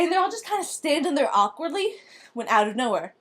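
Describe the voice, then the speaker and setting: A woman's voice: high voice, sing-song, fairly quick, very noisy. A woman improvising a silly story, giggly and rambling.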